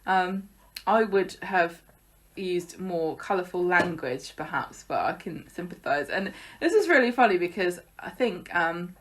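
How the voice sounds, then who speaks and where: A woman's voice: on the low side, lively intonation, measured pace. A woman co-hosting a podcast, recapping a soap in casual, sarcastic chat. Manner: sarcastic, chatty recapping with laughs. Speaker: podcast co-host.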